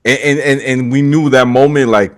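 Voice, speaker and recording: A man's voice: mid-range voice, fairly even intonation, moderate pace. A young man hosting a podcast, telling a story casually, acting out quotes and often laughing. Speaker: podcast host.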